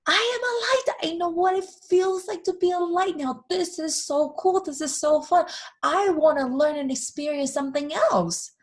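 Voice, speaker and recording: A woman voicing a small, eager, childlike male soul in a spoken story, high and full of wonder. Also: wildly swooping pitch, moderate pace, hardly any pauses, full character voice. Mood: excited.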